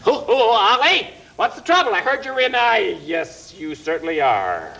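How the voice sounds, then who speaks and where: A man's voice: high voice, sing-song, moderate pace, vocal fry, pushed and bright, exaggerated voice. A man voicing a prim, fussy rabbit puppet who dithers and stammers in old-fashioned exclamations. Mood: dithering.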